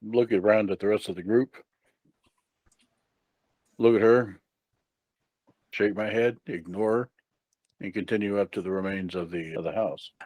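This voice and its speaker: A man with a low voice plays in a tabletop game, describing his character's actions in a calm, decisive way. His voice sits dry and close to the mic. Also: measured pace, pauses often, no room sound. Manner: calm, matter-of-fact, decisive. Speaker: player.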